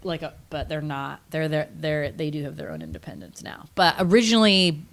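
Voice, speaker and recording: A woman's voice: low-pitched, a little fast, gravelly. A woman co-hosting a podcast in casual chat, easygoing and explaining with many fillers. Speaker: podcast co-host.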